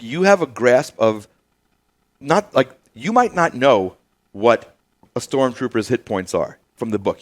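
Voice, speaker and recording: A man in mid-range pitch spins a long, loose story in casual podcast chat. He stumbles through fillers and restarts and slips into quick voices for the people he quotes. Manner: rambling, acts out quoted dialogue with many fillers. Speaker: podcast host.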